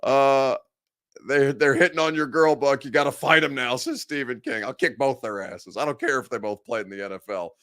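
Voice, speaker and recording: A male sports show host with a voice of middling pitch, talking casually to his viewers. He jokes at his own expense and works himself up into playful mock outrage. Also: moderate pace, a bit bright. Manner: self-deprecating, jokey, ranting.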